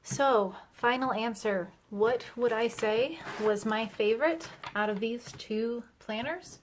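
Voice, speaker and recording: A woman's voice: fairly high pitch, takes it slowly, slight background noise. A young woman talking casually to camera as a planner vlogger, chatty and self-deprecating, hedging often with fillers.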